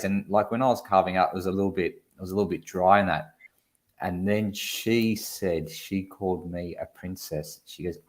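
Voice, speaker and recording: An Australian man co-hosting a relaxed online chat, spinning a lively anecdote. He speaks in a fairly low voice, with a loose, animated delivery and a casual swear or two thrown in. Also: moderate pace. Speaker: co-host.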